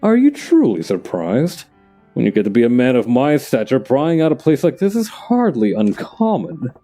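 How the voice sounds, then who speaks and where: A man's voice: medium pitch, wildly swooping pitch, normal speed, dark tone, faint music behind. A man voicing a smug, wealthy male rival club owner in a put-on British accent, haughty and theatrical, for a fan dub of a game. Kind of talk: fan voice-over of game dialogue.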